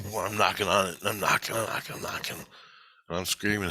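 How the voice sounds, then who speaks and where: A man with a fairly low but bright, forceful voice tells a rambling story of a spiritual experience, swearing constantly and sounding worked up. The sound is dry and close, with almost no room around it. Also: fairly even intonation, quick pace, husky, no echo, soft background music. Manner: heavy swearing, agitated and rambling. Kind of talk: casual spoken monologue recounting a spiritual experience.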